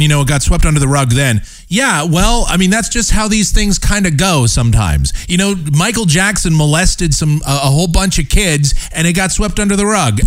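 A man's voice: a little high, no echo. A man hosting his own show, talking in a mocking, sarcastic commentary monologue. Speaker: show host.

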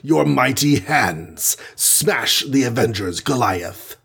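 A man with a husky voice voicing a scheming male alien villain who gives curt orders in an audiobook reading. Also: mid-range voice, animated, slow, fairly bright tone, full character voice. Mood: commanding. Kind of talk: audiobook character voice.

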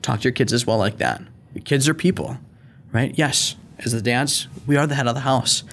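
A middle-aged man hosting a faith-based parenting podcast, earnest and animated, sometimes acting out an angry parent. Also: medium pitch, moderate pace, creaky. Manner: earnest, animated, acts out yelling at his kids. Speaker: podcast host.

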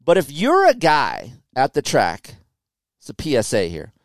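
Storyteller guest: a man, average pitch, dry close sound, swears freely and acts out quotes loudly. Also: wildly swooping pitch, unhurried, no room sound. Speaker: guest, motocross racer. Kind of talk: casual podcast storytelling.

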